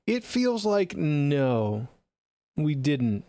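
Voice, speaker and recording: A man's voice: mid-range voice, moderate pace, darkish tone, no room sound. Chill swearing streamer guy, mid voice, dead dry closet sound. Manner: laid-back, rambling, profane. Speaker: music feedback streamer. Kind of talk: casual live-stream chat. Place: home studio closet.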